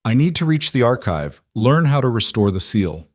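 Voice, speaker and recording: A man's voice: mid-range voice, big pitch swings, moderate pace, a little mellow. A man voicing a guarded, determined young woman who is the last lycan queen, speaking in short, terse lines.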